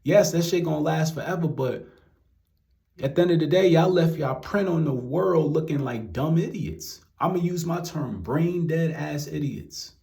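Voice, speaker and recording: A man's voice: a little high, normal speed, gravelly, dark tone. Exasperated young New man ranting. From New York. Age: young adult. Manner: exasperated, repetitive, profane. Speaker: commentary vlogger. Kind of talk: ranting commentary. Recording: roomy echo.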